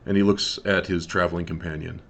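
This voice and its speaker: A man with a very deep voice running a tabletop game. He narrates in a relaxed, halting way, full of fillers. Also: vocal fry. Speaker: game master.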